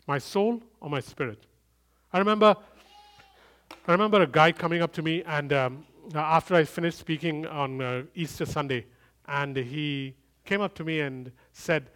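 A middle-aged man preaching a sermon, swinging from loud emphatic bursts to quiet, intimate storytelling. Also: on the high side. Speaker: pastor.

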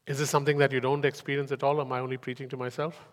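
A man's voice: medium pitch, level tone, very fast. A man preaching a sermon in an emphatic way, often repeating lines for weight. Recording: long hall reverb.

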